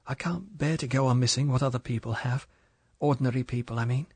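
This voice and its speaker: A man voicing a timid, lonely young wife from England, speaking softly with a strained eagerness. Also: medium pitch, fast, slightly rough, dry recording. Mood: soft wistful.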